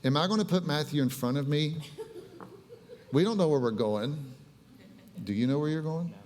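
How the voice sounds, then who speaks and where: A man's voice: a little high, expressive, moderate pace, darkish tone, a little hiss or hum. A male pastor preaching a casual sermon, chatting with the congregation and telling stories in a conversational way. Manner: conversational, storytelling with audience asides. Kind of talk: casual sermon with live demonstration. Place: church sanctuary. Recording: long reverb of a church hall.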